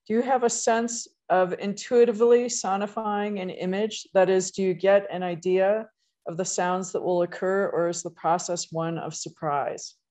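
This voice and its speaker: A woman moderates a talk over a video call. She reads audience questions aloud in a measured, careful way. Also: medium pitch, steady tone, mellow.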